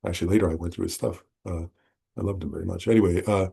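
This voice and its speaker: A man teaching a Buddhist class in a relaxed, conversational way, often checking in with his listeners and correcting himself as he goes. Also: low voice, fast talker, gravelly, husky. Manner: conversational, self-correcting, frequent "right?". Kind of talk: informal dharma talk. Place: meditation center class.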